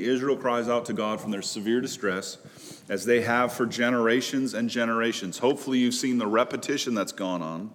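A man with a somewhat low voice preaches a sermon. He speaks with earnest conviction, climbing to loud pleas and sinking to hushed, heavy lines. His voice rings with the long reverb of a large hall. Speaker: pastor.

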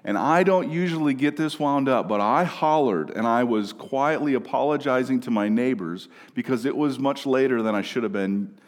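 A man from Minnesota preaching a sermon in a conversational way, often asking "right?" and moving between quiet and loud passages. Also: mid-range voice. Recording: long reverb of a large room.

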